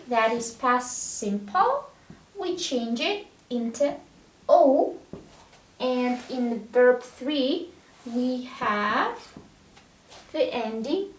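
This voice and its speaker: A woman teaching English verbs, saying each form slowly and clearly and often checking in with the learner. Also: high-pitched, lively intonation, roomy sound. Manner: drills verb forms one word at a time, checks in with "all right?". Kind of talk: slow, deliberate language lesson.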